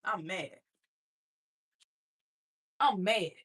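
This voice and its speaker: A woman's voice: medium pitch, extremely slow, fairly bright tone, slightly rough. An adult woman and mother telling her own story in a blunt, streetwise motivational talk, speaking straight to her listeners.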